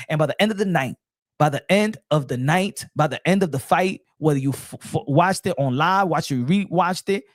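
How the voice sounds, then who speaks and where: A man's voice: a little high, no room sound, clean studio sound. A man hosting a boxing channel, talking in a casual, rambling monologue full of slang, restarts and emphatic repetition.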